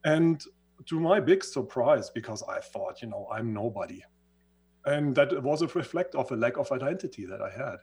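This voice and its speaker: A husky-voiced man, not a native English speaker, recounting his past in an interview. He talks earnestly at a middling pitch, restating phrases as he searches for the right word. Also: lively intonation, moderate pace, darkish tone. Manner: earnest, searching for words, repeats himself. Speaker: guest. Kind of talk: reflective storytelling in conversation.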